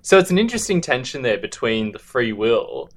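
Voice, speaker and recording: Brief: a man with a mid-range voice, podcast co-host, reflective and measured. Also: medium pitch, sing-song. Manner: measured, thoughtful, halting. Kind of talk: casual book discussion.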